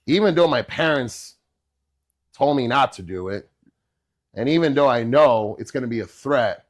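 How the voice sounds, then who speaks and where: A middle-aged man, a chef and podcast guest, telling stories in a casual, animated way and often checking in with "bro" and "right?". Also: mid-range voice, moderate pace. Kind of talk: casual storytelling chat.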